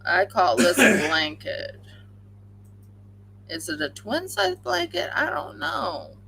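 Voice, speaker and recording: Slow, gravelly-voiced woman chatting. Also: on the high side, big pitch swings, a bit bright, slight background noise, rough recording. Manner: rambling, chatty, with many fillers. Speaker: crafting livestream host. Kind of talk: casual chat while crocheting.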